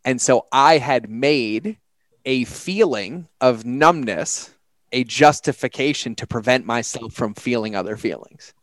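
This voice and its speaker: A man in recovery chatting on a podcast, telling personal stories with lively acted-out quotes. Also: mid-range voice, a little slow, no room sound. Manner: animated storyteller, acts out quotes. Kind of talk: casual conversation.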